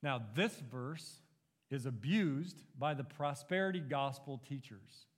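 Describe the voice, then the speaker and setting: A man's voice: medium pitch, animated, a little slow, long reverb tail. A man preaching an expository sermon as a pastor, earnest and emphatic, pushing his rhetorical questions upward.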